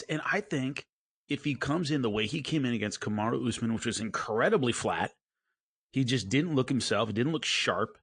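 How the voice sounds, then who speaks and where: A man co-hosting a casual sports podcast, telling stories with lively acted-out quotes. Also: mid-range voice, dry recording. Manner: animated storyteller, acts out quotes. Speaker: podcast co-host and MMA commentator.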